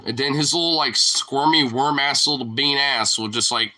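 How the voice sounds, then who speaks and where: A young man rambling casually to his dog at home, profane and teasing, jumping into a high squeaky voice to call the pet. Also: moderate pace, pushed and bright. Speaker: vlogger talking to his dog. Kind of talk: casual chat.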